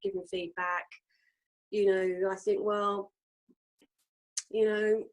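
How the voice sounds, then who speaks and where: A woman co-hosting a casual reflective chat, talking earnestly with many fillers and pauses. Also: mid-range voice, flat delivery, poor audio. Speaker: co-host.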